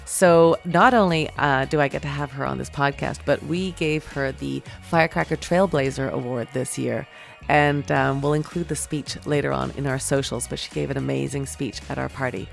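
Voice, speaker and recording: A woman's voice: very deep voice, fairly even intonation, moderate pace, creaky, soft background music. A woman hosting a podcast, talking in an effusive, gushing and emotional way. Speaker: podcast host. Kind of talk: podcast intro and interview.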